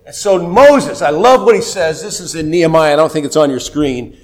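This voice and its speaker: A male pastor preaching a sermon in a conversational, animated way, acting out biblical figures and asking the congregation questions. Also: fairly high pitch, a little fast. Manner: conversational, asks the audience questions.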